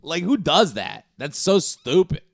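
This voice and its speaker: A man's voice: on the high side, sing-song, measured pace, dry recording, clean studio sound. A man hosting a loose, slangy, casual chat and reacting to clips. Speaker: host.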